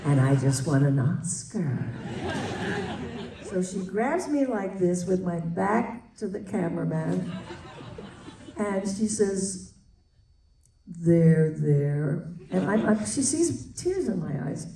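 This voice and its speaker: Older woman, lively storytelling voice, roomy hall, far from the mic. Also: medium pitch, slow, some chatter behind, slight background noise. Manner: animated storyteller, laughing. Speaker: guest. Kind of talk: anecdote on stage.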